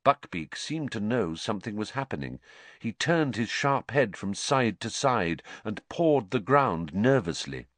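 A man narrating a story in an expressive storytelling manner. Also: fairly low pitch, measured pace, no room sound. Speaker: audiobook narrator. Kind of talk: scripted narration.

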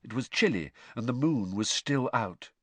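Male narrator, expressive audiobook reading, lively pitch, dry studio sound. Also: moderate pace, dry recording.

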